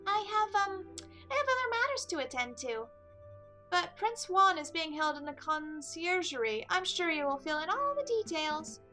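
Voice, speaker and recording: A woman doing a squeaky, nervous little mouse. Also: sing-song, normal speed, sharp tone, faint music behind, exaggerated voice. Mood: flustered. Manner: nervous, hesitant.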